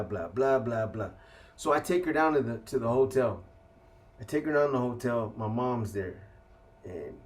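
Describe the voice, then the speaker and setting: A man's voice: medium pitch, a little mellow. A man from California bluntly recounting his past in casual street slang, with heavy profanity. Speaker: interviewee telling his life story. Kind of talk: casual storytelling.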